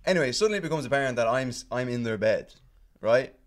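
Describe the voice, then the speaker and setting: A man's voice: mid-range voice, expressive, quick pace. A man on a casual podcast chat, telling a long story in a rambling, profane way full of fillers and restarts. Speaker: podcast guest telling stories.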